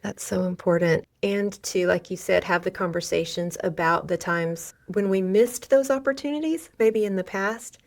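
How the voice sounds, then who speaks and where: A woman's voice: medium pitch, moderate pace, gravelly, few pauses. A middle-aged woman hosting a podcast interview, affirming and reflective toward her guest. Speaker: podcast host.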